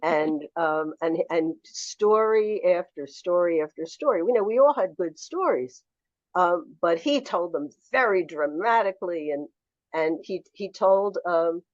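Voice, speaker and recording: Low-voiced older woman telling stories. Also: measured pace, no echo, lo-fi sound. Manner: animated anecdotal storyteller. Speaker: memoir author guest. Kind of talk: storytelling in a podcast interview.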